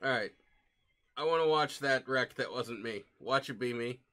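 A man streaming a racing sim, talking to himself in an excitable, jokey way, swearing and breaking into high squeals. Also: normal speed. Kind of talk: live game commentary. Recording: game music and engine noise behind.

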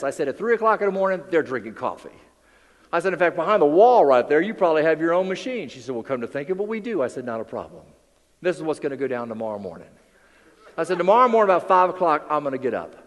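Male motivational speaker, high animated voice, dramatic storyteller, heard with long hall reverb. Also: racing. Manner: theatrical storytelling, acts out quoted voices, drops low and quiet for emphasis. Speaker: keynote speaker. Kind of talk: motivational keynote speech. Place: large hall with audience.

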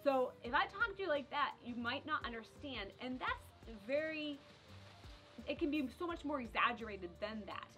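A woman from the south of France with a French accent, teaching French in a lively, casual video lesson. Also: high voice, normal speed, music in the background. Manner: lively, explains with spoken French examples.

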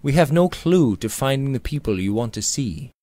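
A man reading aloud, voicing a young gentleman who speaks quietly and soothingly to a distressed friend. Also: mid-range voice, expressive, normal speed, no echo, voice pushed up, natural voice. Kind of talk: audiobook character reading.

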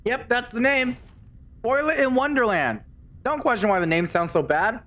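A game streamer commentating a live play session, excitable, swearing and reading game dialogue aloud in mock voices. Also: mid-range voice, moderate pace. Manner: excitable, swears, screams in panic.

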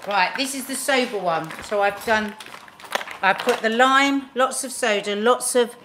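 A woman's voice: fairly high pitch, unhurried, noisy background. A woman co-hosting a family podcast, chatting enthusiastically while making cocktails in a home kitchen. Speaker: podcast host.

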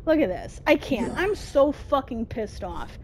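High, lively woman cursing at a game. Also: a little slow, background noise. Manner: constant angry cursing at the game. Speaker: gamer. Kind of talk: frustrated gameplay commentary.

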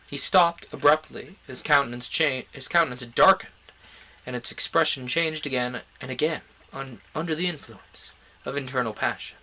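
A man's voice: medium pitch, moderate pace, sharp tone. A man reading a classic novel aloud on a stream, now and then tripping over the old-fashioned words and restarting. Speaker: audiobook reader and streamer.

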